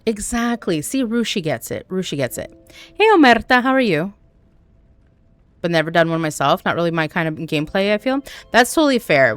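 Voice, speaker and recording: A woman's voice: on the low side, fairly bright tone, dry recording. A woman streaming a game live, chatting candidly and jokingly with her viewers as she plays. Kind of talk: casual chat while playing live.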